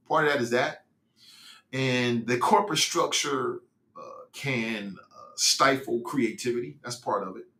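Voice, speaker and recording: A man's voice: mid-range voice, pushed and bright, echoey room. A middle-aged man from Cincinnati hosting a casual podcast stream, reading viewer comments aloud in a loose, rambling way with slang and restarts. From Cincinnati, United States. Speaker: podcast host reading live chat. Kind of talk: casual livestream talk.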